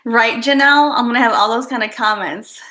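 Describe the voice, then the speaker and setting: Woman, live-stream host, giggly and chatty, bright forceful voice, a little high. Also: a little fast. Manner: giggly, chatty, often laughing and slipping into soft asides. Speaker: livestream host reading viewer comments. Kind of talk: casual live-stream chat.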